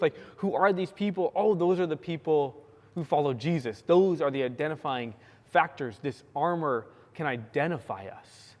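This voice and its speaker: A young man from California preaching a sermon, telling a story with lively acted-out quotes. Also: on the high side, normal speed. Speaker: pastor. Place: church sanctuary. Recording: long church hall reverb.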